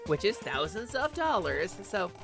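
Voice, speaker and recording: A woman streaming a game live from her home office, chatting in an animated way and swearing freely. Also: medium pitch, unhurried, creaky, faint music behind. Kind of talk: casual live gaming stream chat.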